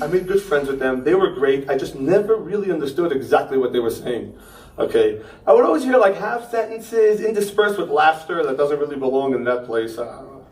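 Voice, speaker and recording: Young man, stand-up comic, slightly high voice, ranting delivery, echoey room, mic far off. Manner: ranting, punchy asides with frequent "okay?". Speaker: stand-up comedian. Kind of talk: stand-up set. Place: pop-up theater stage. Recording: roomy theater sound from far off.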